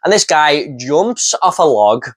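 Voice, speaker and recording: A man's voice: on the high side, very animated, unhurried. A man giving casual commentary on bad horror movie lines, laughing often and swearing as he mocks them. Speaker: movie reviewer.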